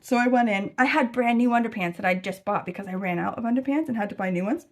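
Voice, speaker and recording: Gravelly American woman vlogging casually. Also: fairly high pitch, quick pace. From United States. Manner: rambling, animated, sweary storytelling with many fillers. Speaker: travel vlogger. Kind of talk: casual chat.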